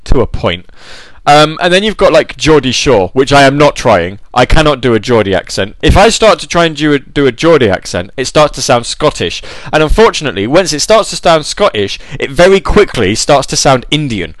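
A man's voice: mid-range voice, sing-song, fairly quick, few pauses, no echo. A man chatting casually, rambling and joking at his own expense. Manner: rambling, joking, self-deprecating. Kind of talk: casual chat.

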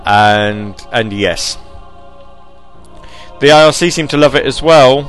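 A man hosting a casual live radio show, rambling and animated as he reads chat messages and tells stories. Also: mid-range voice, slow pace, faint music behind.

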